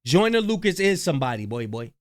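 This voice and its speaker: Animated high-voiced New man. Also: fast. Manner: animated, trash-talking, slangy. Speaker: reaction channel host. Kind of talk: casual reaction commentary.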